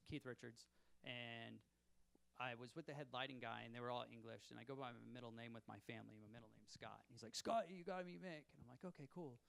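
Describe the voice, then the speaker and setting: A man's voice: mid-range voice, gravelly, bright, forceful tone, clear, resonant tone. A young man doing a self-deprecating stand-up set on a comedy club stage, chuckling at his own jokes.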